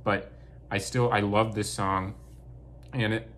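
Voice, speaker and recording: Blunt man reviewing a film, low voice. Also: little pitch movement, slow, a bit bright. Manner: blunt, candid opinions. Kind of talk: casual spoken review.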